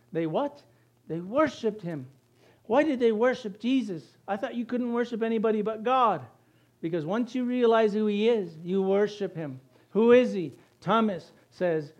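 A middle-aged pastor with a high-set voice delivers a sermon. He throws rhetorical questions at his congregation and answers them himself, driving each point home. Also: a little mellow.

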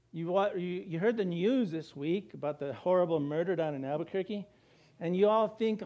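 A middle-aged man preaching a sermon in church, animated and laughing, now and then mimicking gloomy complainers. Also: high voice, moderate pace, muffled recording. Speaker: pastor.

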